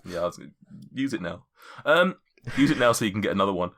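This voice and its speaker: Guy gm'ing a tabletop game, lowish voice, rambling, keeps restarting sentences. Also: animated, quick pace, fairly bright tone. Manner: rambling, with many fillers and restarts. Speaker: game master.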